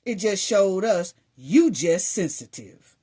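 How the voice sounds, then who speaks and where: A woman delivers a scolding opinion monologue, throwing out sarcastic rhetorical questions. Her pitch swings up and down as she talks, and she takes her time with the words. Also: animated, slow, warm tone, breathy edge. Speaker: commentary vlogger.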